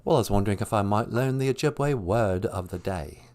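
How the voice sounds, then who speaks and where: Man imitating a genteel rock star: low, breathy, murmured, mild. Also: a little fast, a little mellow, slight background noise, close to an everyday voice. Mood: hushed polite. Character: impression of a famous singer, soft-spoken polite man.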